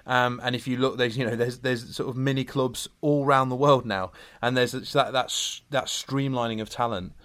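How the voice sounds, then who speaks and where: A man hosting a podcast in casual, animated chat, telling jokey stories about a guest. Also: medium pitch, moderate pace, hardly any pauses. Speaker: podcast host.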